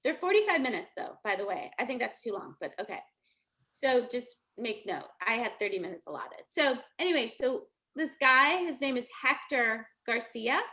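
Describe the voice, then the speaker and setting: Her voice on the high side and sing-song, a middle-aged woman gives an easygoing motivational talk as a coach at a moderate pace. She sounds bright and forceful, telling stories in a chatty, laughing manner.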